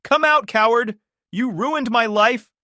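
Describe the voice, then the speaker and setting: A man voicing an unhinged young ex-girlfriend who yells in a shrill voice. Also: takes it slowly, no room sound, clean studio sound, exaggerated voice. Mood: furious. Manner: shrill yelling.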